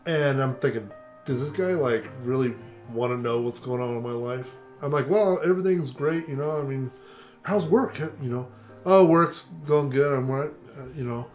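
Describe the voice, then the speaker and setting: A man's voice: medium pitch, moderate pace, soft background music. An older man co-hosting a casual conversation, telling stories and acting out the voices of the people he quotes. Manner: animated storyteller, acts out quoted voices. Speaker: co-host.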